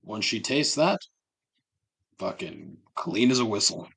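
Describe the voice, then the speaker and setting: A man's voice: lowish voice, very animated, takes it slowly, gravelly, fairly bright tone, breathy edge. A man hosting a solo podcast, ranting with sarcasm and heavy swearing. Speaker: podcast host.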